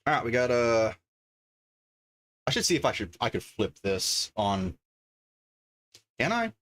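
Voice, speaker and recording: A man's voice: lowish voice, measured pace, a bit bright. A man livestreaming from his home desk, chatting casually and thinking aloud as he reads out card names one after another. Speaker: livestreamer opening card packs.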